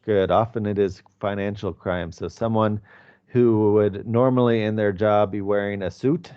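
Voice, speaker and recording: A man's voice: lowish voice, fairly even intonation, moderate pace, dark tone, clear, resonant tone, highs cut off. A male English teacher explaining pronunciation to his class in a conversational way, with fillers.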